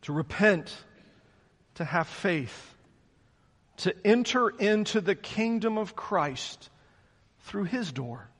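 A man's voice: sits high, expressive, slow, pauses often, fairly bright tone, in a large hall. A male pastor preaching a sermon to his congregation, explaining scripture in an earnest way. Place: church sanctuary.

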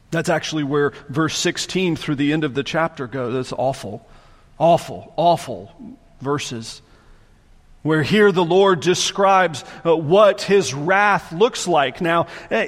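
A man's voice: lively intonation, slow. Emphatic male preacher in a reverberant hall. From Southern United States. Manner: emphatic, repeats phrases for force, drops to quiet low tones. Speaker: pastor. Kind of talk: sermon.

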